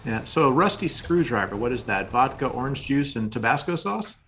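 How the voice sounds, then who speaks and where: Gravelly male player, blunt, jokey. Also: medium pitch, sing-song, fairly quick, fairly bright tone, soft background music. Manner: joking, blunt. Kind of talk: casual tabletop play.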